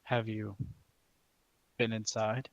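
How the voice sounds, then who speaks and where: A man's voice: fairly low pitch, little pitch movement, slow, creaky, no room sound, highs cut off. A man voicing a polite, curious adventurer who asks his questions hesitantly.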